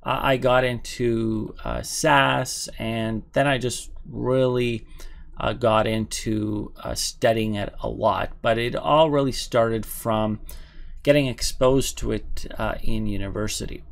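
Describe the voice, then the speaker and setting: A man teaching programming courses, talking casually to viewers about certification with a relaxed, conversational manner and frequent fillers. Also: mid-range voice, slow pace, vocal fry. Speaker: SAS programming instructor. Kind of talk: casual explanatory talk to camera.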